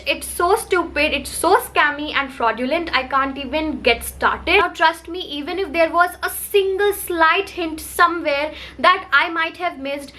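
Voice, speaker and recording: A woman's voice: sits high, sharp tone. A woman reviewing a book to camera, talking in a heated, emphatic rant full of repetition.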